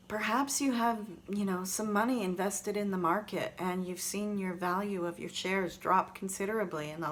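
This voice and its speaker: A woman's voice: mid-range voice, slight background noise. A woman talking earnestly and reflectively straight to her viewers in a gratitude vlog, recorded on her phone camera. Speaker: vlogger.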